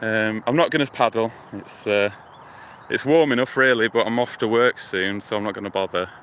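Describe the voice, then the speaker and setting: This is a UK vlogger's casual walking livestream: he holds his phone outdoors by a lake and river near a motorway and rambles to viewers, thinking aloud. His pitch is fairly low and his speed normal. Traffic hum runs in the background.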